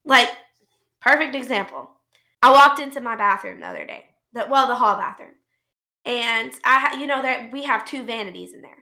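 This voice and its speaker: A woman co-hosting a podcast, telling an angry story about her kids in a casual, animated way with plenty of swearing. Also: fairly high pitch, normal speed. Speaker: podcast co-host; mother. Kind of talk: casual ranting chat.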